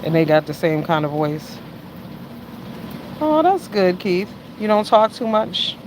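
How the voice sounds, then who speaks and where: A woman around fifty chatting casually with her livestream viewers, swinging between loud exclamations and low mutters. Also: very animated, measured pace, noisy background. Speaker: livestream host.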